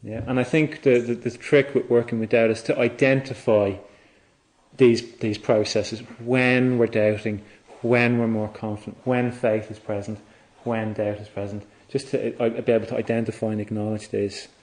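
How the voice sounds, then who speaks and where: A man giving a Buddhist dharma talk, reflective and halting, often restarting his phrases. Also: medium pitch, flat delivery, a little mellow. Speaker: Buddhist teacher.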